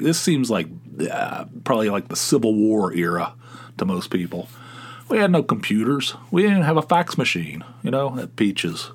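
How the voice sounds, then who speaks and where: Middle-aged Appalachian man hosting his own show; loose, halting talk full of restarts. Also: on the low side. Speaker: podcast host. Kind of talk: casual solo podcast monologue.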